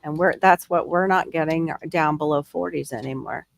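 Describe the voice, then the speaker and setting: A woman hosting a casual chat, talkative and quick to gasp. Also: low-pitched, creaky, no echo. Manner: chatty, gardening talk, quick gasps. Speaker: host.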